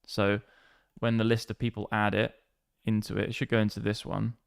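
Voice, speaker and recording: A man's voice: lowish voice, flat delivery, fairly quick, vocal fry, clear, resonant tone, dry recording. Man, live crypto trading stream, hyped casual banter, resonant voice, dry sound. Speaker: livestream crypto trader.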